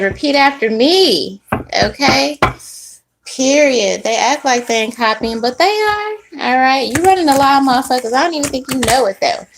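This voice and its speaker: A high-pitched woman runs a casual tarot reading, bold and slangy, laughing and throwing asides at her audience. The home recording carries a clear noise bed under her voice. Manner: sassy, chatty, laughs often, slangy asides. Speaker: tarot reader.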